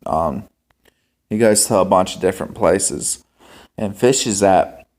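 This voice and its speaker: Slow, halting man rambling casually. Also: deep voice, darkish tone. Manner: slow, halting, many ums and restarts. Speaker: homestead vlogger.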